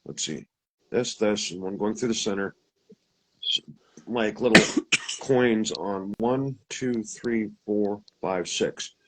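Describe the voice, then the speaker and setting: A man who is a guest telling a personal story, animated and acting out the dialogue. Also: lowish voice, takes it slowly, long pauses, slight background noise.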